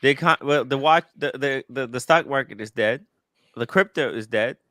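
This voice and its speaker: A man's voice: mid-range voice, moderate pace, bright, forceful tone, no echo, studio quality. A man in a casual chat, teasing the host and reacting with animation.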